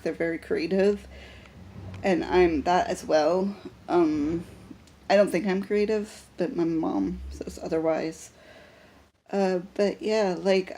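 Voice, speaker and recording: A woman's voice: on the low side, darkish tone. A young woman talking unscripted to a handheld camera in a personal vlog, rambling with lots of fillers and restarts. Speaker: vlogger.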